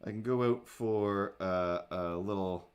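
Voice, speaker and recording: A man hosting a livestream who tells a story casually and animatedly, acting out his own thoughts and other people in a higher voice. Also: measured pace, clean tone. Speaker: livestream host. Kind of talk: casual storytelling while drawing.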